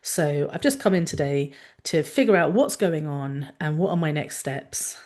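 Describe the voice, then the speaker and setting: A woman's voice: low-pitched, lively intonation, normal speed. A woman speaking as a worn-out mother and teacher who hesitantly but firmly asks a doctor for help. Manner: hesitant, quietly insistent. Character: weary mother and teacher, patient pressing doctor.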